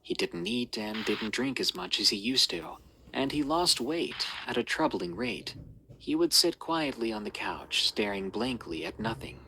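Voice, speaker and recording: A man's voice: mid-range voice, sing-song, measured pace, creaky, sharp tone, slight background noise, poor audio. A man narrating a scripted horror story in a dramatic, suspenseful reading.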